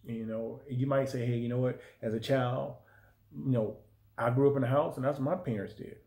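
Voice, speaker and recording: A man's voice: fairly even intonation, brisk, a little mellow. A man relationship coach chatting casually with his wife, easygoing and reflective. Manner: easygoing, reflective, jumps high when quoting others. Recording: roomy echo.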